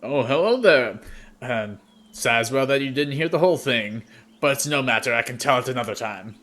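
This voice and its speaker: A man's voice: mid-range voice, expressive, normal speed, a bit bright, pitched above the performer's own voice, lightly acted. A man voicing a friendly male storyteller at a camp who greets travelers heartily. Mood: hearty. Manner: hearty, welcoming, inquisitive.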